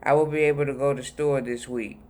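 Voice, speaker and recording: A man reading personal letters aloud in a plain, unhurried voice. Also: mid-range voice, steady tone, darkish tone. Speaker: reader of letters.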